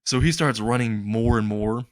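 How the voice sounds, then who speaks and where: Ein junger Mann erzählt frei eine alberne Fan-Geschichte, schweifend und über eigene Witze lachend. Seine Stimme liegt in mittlerer Höhe, die Aufnahme klingt trocken und nah. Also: male voice, mid-range voice, moderate pace, no room sound, studio quality. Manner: rambling, laughing at own jokes. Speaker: storyteller. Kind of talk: improvised comedic fan story narration.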